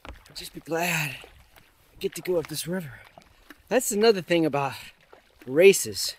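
Guy with a kinda high voice rambling on while paddling a river, thinking out loud, bit of wind and water hiss behind. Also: expressive, measured pace. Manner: thinks aloud, rambling, many fillers and asides. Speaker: vlogger training for a river race. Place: outdoors on a river in a kayak.

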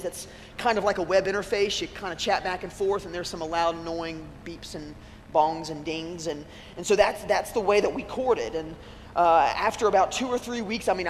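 A man pastor giving a sermon, talking conversationally and telling stories with self-deprecating humor. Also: high voice. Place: church sanctuary. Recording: long church-hall reverb with faint room noise.

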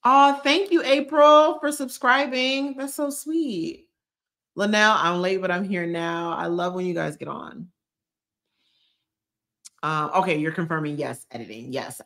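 A woman in her thirties with a drawl chats on a live stream, bubbly and full of slang as she answers viewer comments. Her voice sits a bit low for a woman. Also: bright, forceful tone. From Georgia, US. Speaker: lifestyle YouTuber hosting a live stream.

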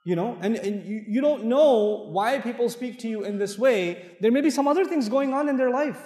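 A middle-aged Islamic lecturer, his voice extremely high and a touch mellow, moves at a moderate pace through a playful, story-rich lecture, acting out characters' lines. Recorded far away, the echoey sound reflects a large mosque hall.

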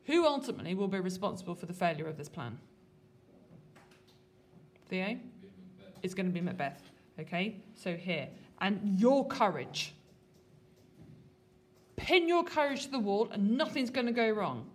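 A woman teaching a literature lesson to a classroom, lively and colloquial, putting questions to her students. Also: mid-range voice, measured pace, long pauses, slight background noise. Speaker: English teacher.

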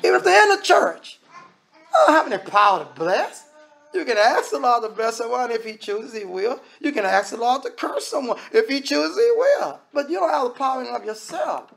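A man's voice: very high voice, lively intonation, fairly quick, gravelly, a bit bright. A man preaching a sermon in a conversational way, often acting out the voices of the people he quotes.

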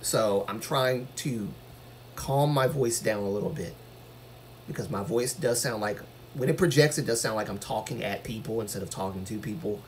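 A man speaks casually to viewers on his live stream, earnest and rambling, in a lowish voice at a moderate pace. His voice carries when he gets passionate, and there is a little hiss or hum in the audio.

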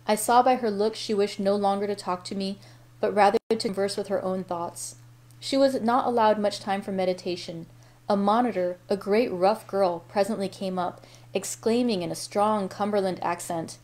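Woman reading a classic novel aloud. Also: mid-range voice. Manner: steady, unhurried reading with small self-corrections. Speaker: library read-aloud host.

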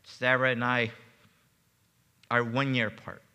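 A man's voice: mid-range voice, level tone, measured pace, bright, forceful tone, clean tone. A man preaching a sermon as pastor, telling a personal testimony with emotion and stumbling repeats. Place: church sanctuary. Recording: long reverb of a church hall.

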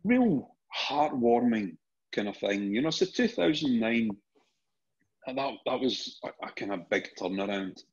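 A man's voice: mid-range voice, unhurried, slightly rough. A middle-aged Scottish man, a podcast guest, telling stories casually with lots of restarts and repeated words. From Scotland. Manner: animated anecdotes with frequent restarts and repeated words. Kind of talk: casual storytelling. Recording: dull lo-fi podcast audio.

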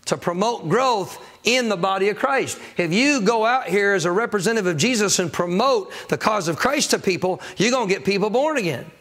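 Pastor guy preaching in church, kinda high pitched, asks the crowd to answer back. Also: animated, brisk, few pauses, a bit bright. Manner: preaching with call-and-response, acting out churchgoers' excuses. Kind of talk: sermon. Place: church sanctuary.

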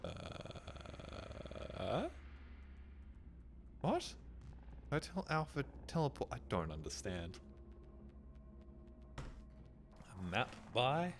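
A man's voice: fairly low pitch, very animated, drawn-out words, gravelly, long pauses. A man streaming a video game live, talking through his play with jokes, curses and startled yelps. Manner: jokey, swears often, yelps when startled. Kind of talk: live gameplay commentary. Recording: game gunfire noise under voice. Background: video game gunfire and clicks.

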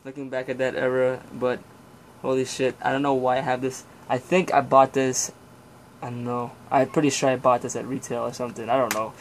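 A young man rambles through a casual review of an old CD, swearing freely and letting out sighs and groans. His voice stays flat and even, with little rise or fall. A faint noise sits behind him. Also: medium pitch, a little fast. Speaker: vlogger reviewing his CD collection.

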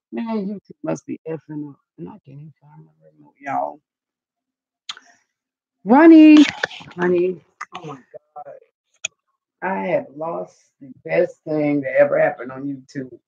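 A woman hosts a casual live stream on her channel, rambling and gossiping with plenty of profanity. Her voice is deep, creaky, and darkish, and the lo-fi recording sounds muffled.

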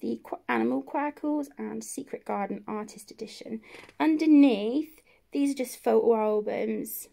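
A woman's voice: on the high side, unhurried, vocal fry, mellow. A grown woman chatting casually as she tours her home colouring area, rambling and self-deprecating. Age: adult. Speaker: colouring channel host. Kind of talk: casual room-tour chat.

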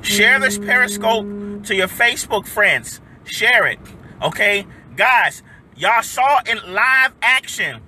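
A man broadcasting live from the driver's seat, his voice high and ringing. He talks fast and hyped, laughs a lot and keeps calling out to his audience. Faint street traffic hums behind the phone mic. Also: lively intonation, pushed and bright. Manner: hyped, repetitive, laughs often, addresses viewers as y'all. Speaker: livestream host. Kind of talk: excited livestream chat to viewers. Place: inside a car outdoors.

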